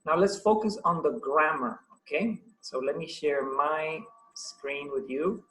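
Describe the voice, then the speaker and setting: Unhurried and sharp-toned, his voice sits on the high side over a rough recording. The Paraguayan-accented man is teaching English grammar by video call, encouraging his students patiently and quizzing them with many questions.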